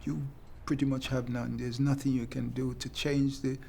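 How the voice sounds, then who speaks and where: Brief: man, mid-pitched and gravelly, thoughtful and measured documentary interviewee. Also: little pitch movement, dark tone, a little hiss or hum.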